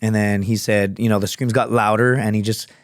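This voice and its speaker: A man's voice: on the low side, steady tone, fairly quick, no room sound, studio quality. A man, a former Marine and fighter, telling a story as a podcast guest in a casual, rambling way full of fillers and swearing. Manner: profane, rambling, many fillers.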